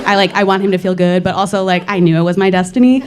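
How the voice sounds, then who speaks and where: A woman's voice: mid-range voice, little pitch movement, quick pace, darkish tone. A young woman doing a stand-up set, self-mocking and playful, often breaking into laughter. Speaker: stand-up comedian. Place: comedy club stage.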